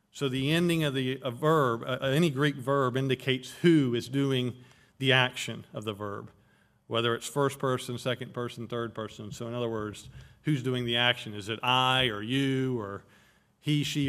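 A man's voice: mid-range voice, a bit bright. A man preaching an expository sermon, explaining Greek words of a Bible verse and stressing key phrases. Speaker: pastor.

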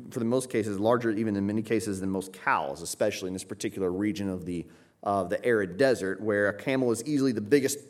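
A man preaching a teaching sermon from the United States, earnest and emphatic, often restarting his sentences. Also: on the low side. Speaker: pastor.

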